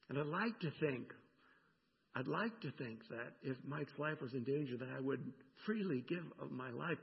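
A middle-aged male pastor preaches in an animated way, dropping from loud emphasis to near-whispers. His fairly high voice has a gravelly edge. The sound is dull and rings in a long church echo. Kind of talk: sermon. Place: church sanctuary. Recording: dull, echoey church recording.

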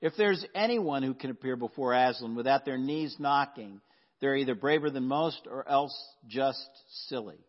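A man's voice: mid-range voice, moderate pace, lightly acted. A man reading aloud as a homely, motherly female beaver from a storybook, in a folksy, knowing way. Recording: dull sound with long hall reverb.

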